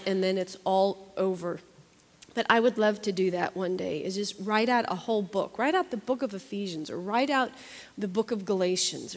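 Earnest woman teaching in a reverberant hall. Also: medium pitch. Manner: earnest, chatty, repeats herself for emphasis. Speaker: Bible study teacher. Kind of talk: conversational sermon.

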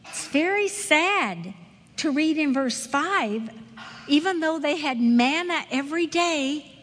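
A woman teaching a women's Bible study, expressive and asking her listeners questions. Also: sits high, takes it slowly. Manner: expressive, asks the audience questions. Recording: echoey hall with long reverb.

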